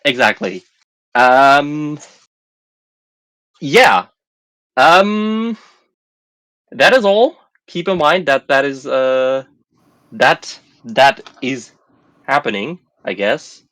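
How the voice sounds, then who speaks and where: Slow, playful man hosting a stream. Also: mid-range voice, very animated, sharp tone, dry recording. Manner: playful, laughing, stumbling over words. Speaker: stream host. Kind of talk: casual livestream chat.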